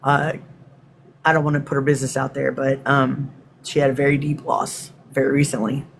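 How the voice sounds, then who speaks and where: A woman's voice: a bass voice, level tone, fairly quick, creaky, slight background noise. A woman from Texas, hosting a spiritual livestream in a chatty, rambling way and greeting viewers by name. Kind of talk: casual livestream talk.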